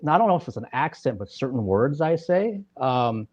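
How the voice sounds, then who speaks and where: A man's voice: mid-range voice, sing-song, a little fast, a little mellow, no echo. An American man hosting an interview, talkative and thinking aloud in casual chat. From United States. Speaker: interviewer host. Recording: dull lo-fi audio.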